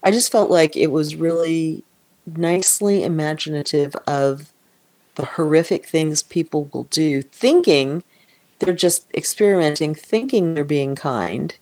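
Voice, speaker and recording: A woman's voice: sits low, a little slow, mellow, no echo. A woman co-hosting a casual book discussion, retelling scenes animatedly and reading passages aloud.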